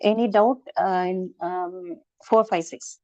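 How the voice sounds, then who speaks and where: A woman's voice: lowish voice, steady tone, slow, mellow, no room sound. A woman teaching chanting pronunciation online, patiently repeating and breaking each syllable down. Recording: dull, dry call audio.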